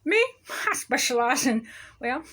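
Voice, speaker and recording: A woman's voice: high voice, animated, a little slow, fairly bright tone, slightly rough, full character voice. A woman voicing a smug, dismissive female judge in a taunting parody.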